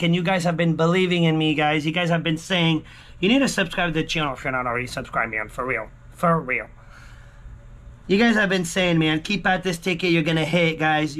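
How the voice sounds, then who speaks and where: A man vlogging a lottery scratch-off, talking excitedly to his viewers, repeating exclamations and swinging from hushed murmurs to yelling. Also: fairly high pitch. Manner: exclamatory, keeps repeating himself and calling out to viewers. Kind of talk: excited casual vlog commentary.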